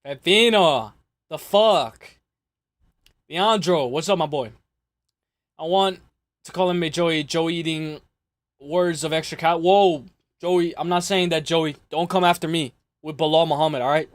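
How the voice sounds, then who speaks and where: A man's voice: a little high, measured pace, long pauses, dry recording, clean studio sound. Exasperated young man on a livestream. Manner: loose and profane, exasperated, mocking. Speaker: livestream host. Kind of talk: casual livestream chat.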